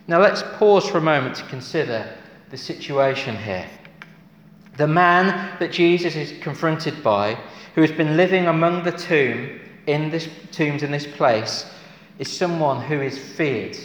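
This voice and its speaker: A male preacher delivering a sermon with earnest conviction, often turning to rhetorical questions and building to emphatic exclamations. His voice sits a little higher than most men's. It rings through a church with a long, echoing reverb. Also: fairly bright tone. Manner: asks the congregation rhetorical questions. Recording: echoey hall with long reverb.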